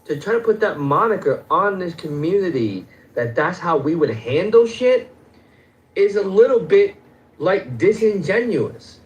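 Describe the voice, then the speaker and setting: A man's voice: high-pitched, sing-song, unhurried, echoey room, low-quality recording. Insistent man cursing in a debate. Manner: insistent, swears and keeps repeating the opponent's name. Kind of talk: heated stage debate.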